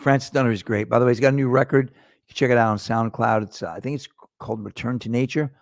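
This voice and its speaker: A man with a gravelly voice hosts a casual livestream, chatting to his viewers in a loose, joking way with plenty of swearing. The sound is close and dry, with no room echo. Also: mid-range voice, steady tone, fast talker. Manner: loose, profane, joking, talks to chat viewers. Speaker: host.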